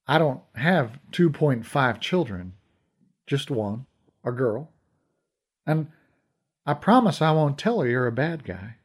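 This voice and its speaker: A man voicing a calm, probing male police detective in an audiobook reading. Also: medium pitch, slow, long pauses, breathy edge, exaggerated voice. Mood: coaxing. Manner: calm, coaxing.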